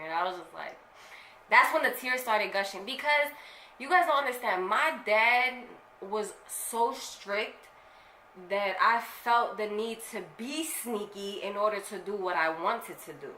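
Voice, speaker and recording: Bright-voiced young woman telling a story. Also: mid-range voice, expressive, a little slow. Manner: candid and slangy, swears freely. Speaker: vlogger. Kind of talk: casual storytelling to camera. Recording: echoey room with faint noise.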